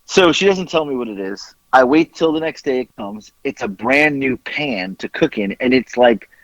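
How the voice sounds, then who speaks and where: A man co-hosting a casual podcast, telling a long story with a lively, swooping voice. He acts out the people he quotes. The sound is dry and a little dull. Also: medium pitch, moderate pace, dry recording. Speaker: podcast co-host.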